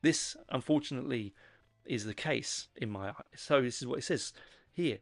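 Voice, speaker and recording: A male podcast host talking through an album in a casual review at a middle pitch. He stumbles, restarts and searches for the right word. Underneath the hesitation he is earnest and openly enthusiastic. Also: gravelly, no echo, clean studio sound. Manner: halting, restarts phrases, searches for words.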